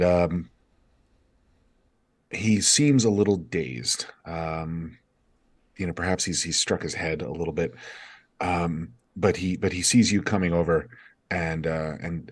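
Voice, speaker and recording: A man's voice: sits low, steady tone, slow. A man running an improvised tabletop game as game master, narrating in a hesitant, apologetic way with many fillers.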